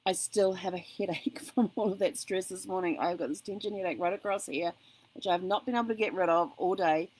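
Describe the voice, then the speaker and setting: A woman's voice: lowish voice, fairly quick, a little mellow, low-quality recording. A middle-aged woman vlogging in casual chat, telling a story with animation and acting out phone calls in other voices. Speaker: vlog host.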